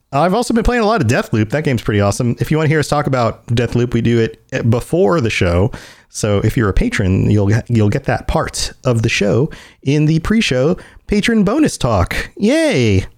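A man's voice: medium pitch, very animated, normal speed, darkish tone, no room sound, clean studio sound. Rambling laid-back male podcast host. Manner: rambling, laughs easily. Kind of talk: casual podcast chat.

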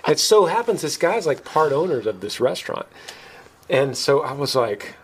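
A podcast host tells a story in casual chat, animatedly acting out quoted lines in a raised voice and laughing at himself partway through. He has a fairly high voice at a moderate pace, with slight background noise.

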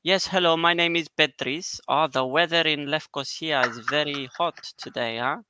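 A man's voice: fairly high pitch, moderate pace, bright, forceful tone, clean tone, dry recording. A man voicing a chatty, cheerful male call-center worker with an Indian accent and a sing-song delivery. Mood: chirpy.

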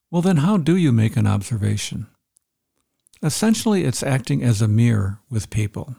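Middle-aged male coach, mellow and gravelly, earnest and explanatory. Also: medium pitch. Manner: earnest, explanatory, repeats key points. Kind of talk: instructional talk.

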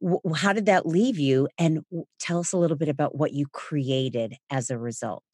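A woman hosts a podcast interview with a very low voice. She asks measured, empathetic questions and leaves room for her guest to answer. The recording is dry and close. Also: a little mellow, slightly rough, dry recording. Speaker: podcast host.

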